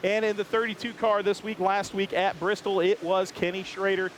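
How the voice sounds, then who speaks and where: High-pitched guy hosting a race garage walkaround, chatty and upbeat, bit of outdoor noise behind. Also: flat delivery, normal speed. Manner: chatty, upbeat, joking with crew. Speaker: host. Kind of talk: walking garage tour commentary. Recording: faint outdoor background noise.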